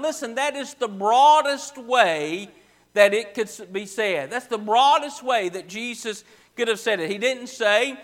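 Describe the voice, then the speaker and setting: A man preaching a sermon in church, emphatic and repetitive, slowing down to stress key words. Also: extremely high pitch. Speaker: pastor. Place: church sanctuary.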